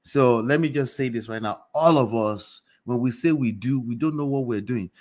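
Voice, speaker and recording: A man hosting a motivational commentary show, speaking straight to his viewers in a preachy, animated way. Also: medium pitch, normal speed. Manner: preachy, animated, talks to the audience directly. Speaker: host.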